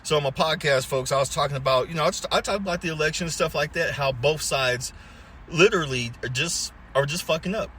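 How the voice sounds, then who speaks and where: A man hosting a podcast, talking in loose, profane, animated banter and laughing often. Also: on the high side, fast, a little hiss or hum. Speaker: podcast host.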